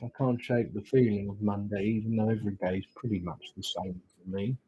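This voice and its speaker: A man's voice: fairly low pitch, fairly even intonation, fairly quick, dark tone, lo-fi sound. A man, hosting a casual live stream, chatting and rambling as he greets viewers. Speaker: livestream host, witch doing readings.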